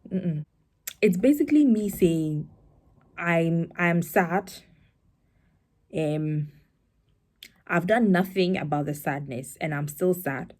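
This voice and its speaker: Young woman poet chatting to her crowd about her poem, lowish mellow voice, thoughtful and easygoing. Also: expressive, slow pace, long pauses. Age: young adult. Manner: reflective, conversational, acts out quoted voices in a higher tone. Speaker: spoken word poet. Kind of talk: explaining her poem to a live audience.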